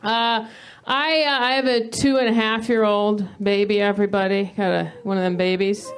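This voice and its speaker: A woman in her thirties performing a stand-up comedy set, telling stories in an animated way and breaking into mock yelling. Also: medium pitch, moderate pace. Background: audience laughter.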